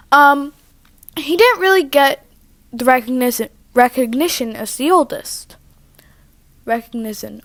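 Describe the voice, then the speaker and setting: A woman's voice: fairly high pitch, fairly bright tone, no room sound. Chatty rambling woman vlogger. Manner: rambling, chatty, self-interrupting. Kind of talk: casual storytelling vlog. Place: living room at home. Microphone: own microphone.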